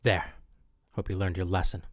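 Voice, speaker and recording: A man hosting a comedic mock radio show with deadpan, pompous announcer patter. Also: sits low, normal speed, dry recording, clean studio sound. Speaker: host.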